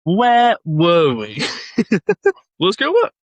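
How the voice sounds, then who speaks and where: A man's voice: high-pitched, wildly swooping pitch, drawn-out words, no room sound. A man co-hosting a casual motorsport podcast, joking and teasing his co-host through loose banter.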